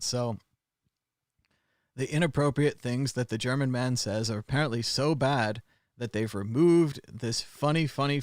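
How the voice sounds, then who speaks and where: In a clean, echo-free studio recording, a show host with a mid-range voice runs a casual news commentary livestream. He's chatty and sarcastic and uses plenty of filler sounds.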